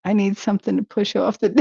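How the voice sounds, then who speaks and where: A woman's voice: medium pitch, normal speed, creaky, slightly rough, dry recording, dull audio. A woman hosting a casual livestream talk show, chatting with viewers in a rambling way and laughing easily. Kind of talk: casual chat reacting to viewer comments.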